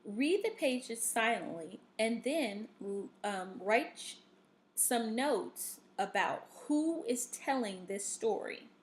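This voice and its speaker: A woman teaches a recorded reading lesson in an unhurried, patient way. Her voice sits a little high for a woman. She walks students through the steps, checks in often with "okay?" and fills pauses with "um.". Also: animated. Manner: patient, instructive, with frequent fillers and "okay?" checks.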